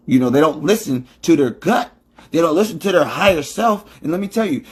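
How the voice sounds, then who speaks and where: A man's voice: on the high side, lively intonation, fairly quick, breathy edge. A man hosting a livestream, talking in a profane, emphatic, preachy monologue into his phone. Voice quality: heavy swearing, emphatic and preachy. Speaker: livestream host.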